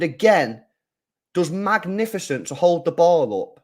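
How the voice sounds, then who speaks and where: A young man giving live, slangy reaction commentary on a football match. He drifts between low mumbling and loud, sweary outbursts. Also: big pitch swings, a little slow. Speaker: football watchalong streamer.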